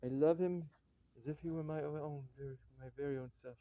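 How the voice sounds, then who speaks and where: A man's voice: fairly high pitch, steady tone, brisk, mellow, a little hiss or hum, close to an everyday voice. A man playing a chatty, scheming male servant who pleads and wheedles, in a reading of a stage comedy. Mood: pleading. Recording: dull lo-fi recording.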